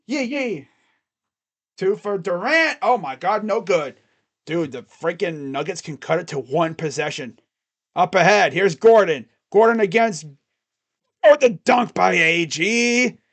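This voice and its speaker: A man doing casual live play-by-play reaction to a basketball game, chatty and excitable, with slangy asides between the calls. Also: sits high. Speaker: live stream play-by-play commentator.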